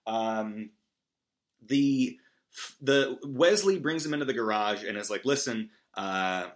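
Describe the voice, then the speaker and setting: A man's voice: mid-range voice, takes it slowly. A man casually recapping a movie, rambling with sarcastic asides and many fillers.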